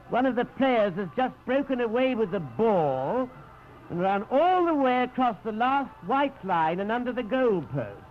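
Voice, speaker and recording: A man's voice: high voice, muffled recording. A man with a British accent doing a fussy, flustered mock sports broadcast in a 1930s radio comedy sketch, forever correcting himself.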